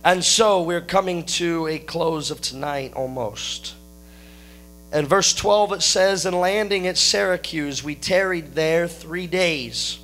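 Speaking slowly in a slightly high voice, a male pastor unpacks scripture for his congregation, mixing in folksy humor and warm asides to the listeners. A constant hum sits in the background.

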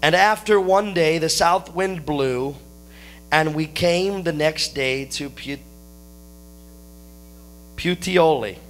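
High-voiced preacher with folksy asides. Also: male voice, slow, pauses often, fairly bright tone, a little hiss or hum. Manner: folksy, joking asides to the congregation. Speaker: pastor. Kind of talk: sermon.

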